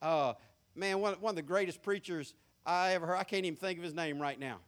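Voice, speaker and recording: A man with a high, light voice and a Southern country accent preaches a folksy sermon. He mocks pretension and swings from hushed asides to loud, hooping emphasis. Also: a little fast, slight background noise. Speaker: pastor.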